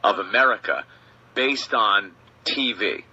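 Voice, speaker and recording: A man hosting a radio talk show, telling stories in an animated way and acting out little scenes, heard over a muffled lo-fi radio broadcast. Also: on the low side, slow pace, slight background noise. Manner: animated storytelling with acted-out bits. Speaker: radio host.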